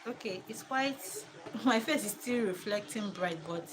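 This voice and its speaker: A woman, a mother chatting casually to camera from her living room, reflective and quick to laugh. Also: mid-range voice, a little hiss or hum, rough recording. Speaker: mother and home vlogger.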